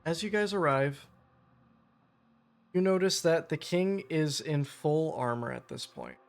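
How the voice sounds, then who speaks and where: Slightly high-voiced man game master. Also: big pitch swings, unhurried. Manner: casual, descriptive, with fillers. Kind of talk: narrating a tabletop game.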